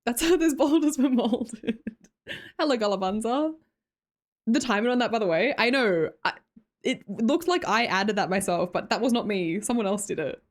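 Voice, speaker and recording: A woman's voice: fairly high pitch, expressive, moderate pace. Australian woman, live-stream host, sing-song up-and-down delivery, chatty and giggly, desk mic at home. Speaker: livestreamer. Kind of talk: casual chat with live viewers.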